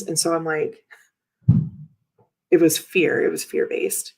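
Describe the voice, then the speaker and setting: A woman's voice: sits low, level tone, takes it slowly, vocal fry, long pauses, breathy edge, poor audio. A woman in her thirties hosting a casual chat while showing tarot cards, talking in a rambling, chatty way with lots of fillers. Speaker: tarot reader and livestream host.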